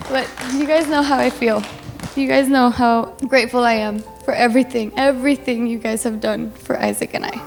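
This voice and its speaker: A woman's voice: fairly high pitch, steady tone, a little fast, vocal fry, faint music behind. A woman giving her wedding toast as the bride, emotional and fighting back tears, laughing between lines. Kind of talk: heartfelt wedding speech.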